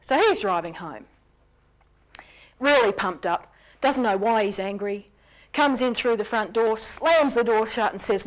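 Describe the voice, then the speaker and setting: A woman giving an explanatory lecture, speaking in an animated way with sudden jumps in pitch on key words. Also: measured pace, long pauses. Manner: acts out quoted lines in character.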